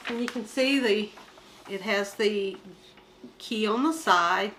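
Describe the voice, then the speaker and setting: A woman's voice: mid-range voice, slow pace, long pauses, a bit bright, slight background noise. A woman chatting casually as she shows her craft kit, rambling and joking about herself. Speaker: crafting vlogger. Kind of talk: casual show-and-tell chat.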